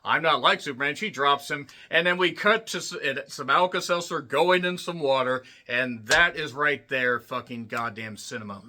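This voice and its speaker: A man giving a casual, rambling and profane spoken movie recap, often clearing his throat. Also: mid-range voice, normal speed, hardly any pauses, pushed and bright. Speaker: movie reviewer.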